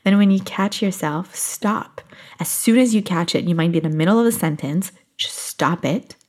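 A woman with a fairly low voice gives a gentle, encouraging self-help talk to her viewers. She laughs often and slows down when reaching the key points.

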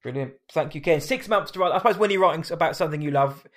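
Man, podcast co-host, quick talker, fairly high voice. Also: a bit bright. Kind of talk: casual podcast chat.

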